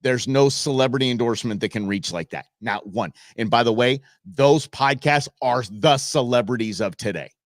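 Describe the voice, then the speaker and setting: A man's voice: mid-range voice, normal speed, few pauses, no room sound, clean studio sound. A male talk show host giving combative, sarcastic live political commentary.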